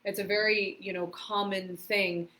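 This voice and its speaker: A woman's voice: medium pitch, little pitch movement, measured pace, pushed and bright. A woman talks casually as a podcast guest. She tells her stories with animation and frequent laughter. She leans on a lot of fillers. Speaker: podcast guest, karate competitor and stunt performer. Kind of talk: casual storytelling interview.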